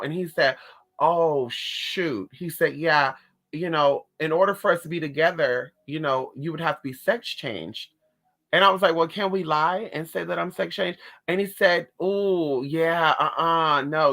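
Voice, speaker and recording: Her voice is low and slightly bright as this spiritualist vlogger spins a casual personal story for the camera. She's sassy and theatrical, repeatedly calling listeners honey and girl.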